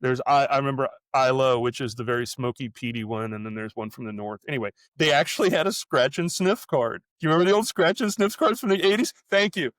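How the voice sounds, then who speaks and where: A middle-aged American man talking as a podcast co-host, drifting through a rambling story in easy conversation. His voice sits at an ordinary pitch and sounds close and dry, with almost no room around it. He stops and restarts his sentences as he goes. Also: fast talker, few pauses, fairly bright tone, no echo. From United States. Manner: rambling, self-interrupting storyteller. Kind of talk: casual chat.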